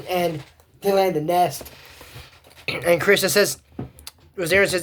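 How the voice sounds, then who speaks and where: A woman with a somewhat low voice chats her way through a cartoon episode recap. She rambles, circles back on herself and throws in sarcastic remarks as she goes. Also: fairly even intonation, takes it slowly, pauses often, slight background noise. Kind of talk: casual episode recap commentary.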